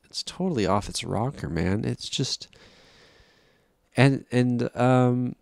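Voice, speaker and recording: A man's voice: medium pitch, expressive, slow pace, vocal fry, darkish tone, dry recording. A man giving a casual, rambling film review, exasperated and profane, with frequent restarts.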